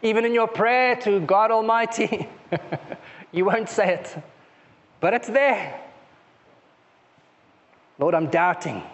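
A male preacher with a fairly high voice delivers a sermon in a conversational way, often tagging his points with "okay?" and a soft laugh. He moves between raised, emphatic declarations and low, intimate asides. The sound is muffled and lo-fi, with a long reverb trailing off the walls of a church hall. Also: slow pace, pauses often.

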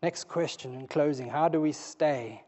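A man preaching a sermon in a church, earnest and pleading, his voice often dropping low and soft before rising again. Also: moderate pace. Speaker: pastor.

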